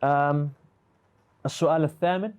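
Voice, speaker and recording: A man teaches a live online class, asking question after question and gently correcting answers. His voice sits a little high for a man, and the sound is muffled and lo-fi, like call audio. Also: fairly even intonation, rapid-fire, smooth. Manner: patient, questioning, switches between English and Arabic terms. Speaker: Arabic teacher.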